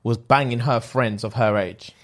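A man's voice: medium pitch, fairly even intonation, moderate pace, fairly bright tone. A young man, co-hosting a podcast with brash, blunt banter in casual chat. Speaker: podcast co-host.

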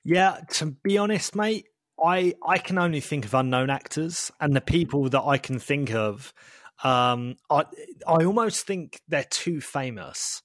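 A man co-hosting a casual chat, animated and calling his friend "mate" a lot. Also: a little high, unhurried, dry recording, studio quality. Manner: animated, says "mate" often, many restarts. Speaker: podcast co-host.

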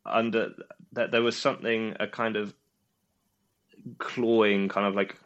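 A man chatting casually as a podcast co-host, voice sitting a little low. He rambles, halts and restarts his sentences as he thinks aloud. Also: flat delivery, fairly bright tone, lo-fi sound. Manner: rambling, halting, many restarts. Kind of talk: casual chat reviewing a quiz show.

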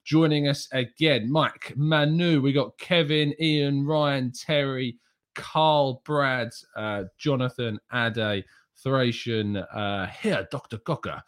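A man's voice: mid-range voice, fairly even intonation, slow pace, clean tone. A man hosting a casual football podcast livestream, chatting away and reading out viewers' names and messages. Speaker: podcast host.

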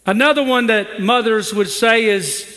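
High-voiced pastor preaching in a reverberant hall. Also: male voice, moderate pace, pushed and bright. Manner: calls the congregation to repeat scripture aloud; humorous storytelling with rising emphasis. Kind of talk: sermon. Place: church sanctuary.

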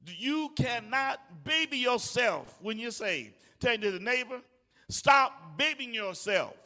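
Man, pastor, call-and-response sermon, very high bright voice, long church reverb. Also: big pitch swings, measured pace. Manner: call-and-response preaching, rising to shouts; mimics tired whining voices in asides. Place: church sanctuary.

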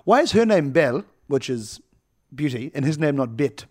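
Male co-host, casual chat, animated and laughing, slightly high voice. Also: moderate pace. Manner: laughing, animated, acts out quotes. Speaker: podcast co-host.

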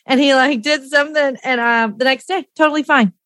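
A woman's voice: sits high, a little fast, fairly bright tone, no room sound. Woman in her 50s, super enthusiastic storyteller, dry sound. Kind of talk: casual conversation.

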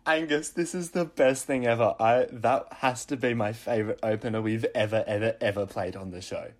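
A man's voice: mid-range voice, steady tone, fairly quick. An Australian man in his late teens, co-hosting a podcast in playful, jokey casual chat. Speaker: podcast co-host.

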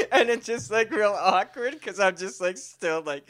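Young man, smooth bright voice, easygoing storyteller who laughs at himself. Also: high voice, sing-song, measured pace. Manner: self-mocking, laughs often. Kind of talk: casual chat.

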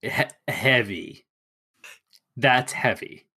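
A man's voice: medium pitch, very slow, slightly rough. A man co-hosting a podcast, casually retelling scenes from an old film and acting out lines from them. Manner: relaxed retelling, acts out quotes from scenes. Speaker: podcast co-host.

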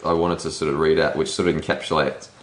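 A man with a low, deep voice, chatting as a podcast co-host. He tells stories in an animated way and laughs easily. The room around him sounds echoey. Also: fast talker, slight background noise. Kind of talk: casual book club chat. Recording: roomy echo.

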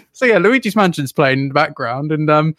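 A podcast co-host in casual gaming chat, animated, swearing freely and laughing often, on their own microphone over a call. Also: mid-range voice, normal speed, dry recording, studio quality. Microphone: own microphone on a remote call.

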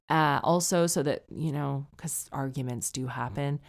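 A woman's voice: extremely low pitch, measured pace, vocal fry, hardly any pauses. A woman in her forties hosting a podcast, chatting casually and wryly as she reads out listener emails. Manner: chatty, wry, teasing. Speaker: podcast host and comedian.

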